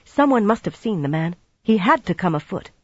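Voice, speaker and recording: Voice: mid-range voice, sing-song, a little fast, slightly rough, no room sound, pitched above the performer's own voice. A narrator voicing a firm young woman leader. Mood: commanding. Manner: sharp, decisive. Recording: slightly dull lo-fi recording.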